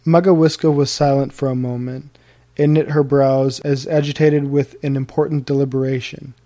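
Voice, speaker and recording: A man narrating an audiobook of a historical novel in a steady, formal storytelling manner. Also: medium pitch, normal speed.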